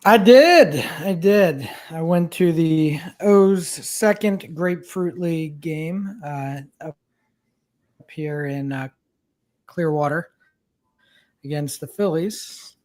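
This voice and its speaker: Man co-host, somewhat high voice, lots of ums, casual sports chat over a call. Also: slow, long pauses. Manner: relaxed, hesitant with many fillers. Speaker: podcast co-host. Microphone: remote video call.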